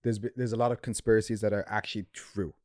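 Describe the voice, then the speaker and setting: A man's voice: lowish voice, little pitch movement, fast talker, darkish tone, no room sound, clean studio sound. A young man co-hosting a podcast, musing aloud in a casual, slang-filled way. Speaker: podcast co-host. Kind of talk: casual chat.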